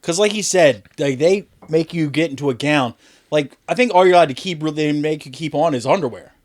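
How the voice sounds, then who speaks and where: A man's voice: fairly high pitch, fairly quick. A man hosting a podcast, chatting casually with friends, swearing freely and laughing often. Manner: profane, joking, laughs often. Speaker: podcast host.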